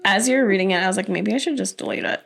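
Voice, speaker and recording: A young woman co-hosts a podcast and reads stories aloud for her partner. She keeps a dry, teasing tone. Her voice sits at an ordinary middle pitch. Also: racing, creaky, fairly bright tone, soft background music. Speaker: podcast co-host. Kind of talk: casual chat, reading stories aloud.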